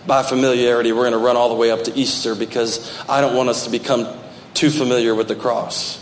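A man's voice: medium pitch, flat delivery, fast talker, slight background noise. Man preaching in an echoing church. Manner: preaching with rising emphatic bursts, reading scripture aloud. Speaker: pastor. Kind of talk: sermon. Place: church sanctuary. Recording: echoey church hall with long reverb.

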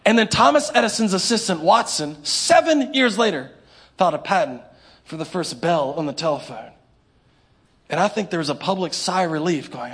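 A man preaching a sermon in a church, animated and humorous, acting out little scenes for the congregation. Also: sits high, normal speed, husky. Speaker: pastor. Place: church sanctuary.

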